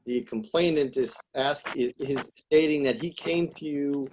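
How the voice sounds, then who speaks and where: A man's voice: mid-range voice, darkish tone, poor audio. A man on a town board puts questions at a public meeting in a mid-range voice. He halts and trips over his words, with a faint hiss of noise behind him. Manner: halting, stumbles over words. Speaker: town selectman.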